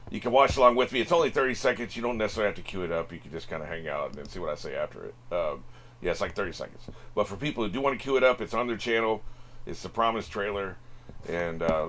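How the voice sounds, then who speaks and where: A man's voice: sits low, fairly bright tone. A man hosting a reaction channel, chatting casually to camera in a rambling way with lots of fillers and restarts. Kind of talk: casual direct-to-camera chat.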